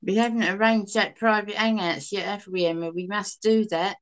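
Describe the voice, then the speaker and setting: A woman with a Cockney accent co-hosting a live chat stream, talking casually and warmly to her viewers. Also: mid-range voice, steady tone, normal speed. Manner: chatty, calls people sweetheart and darling.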